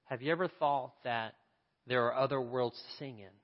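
A man voicing a kind, gentle woman telephone operator, speaking softly and soothingly. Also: mid-range voice, moderate pace, big-room sound, lo-fi sound, natural voice.

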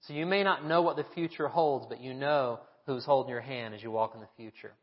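A pastor delivering a sermon, telling stories and asking the congregation rhetorical questions. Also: male voice, mid-range voice, fairly quick. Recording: echoey hall, dull lo-fi sound.

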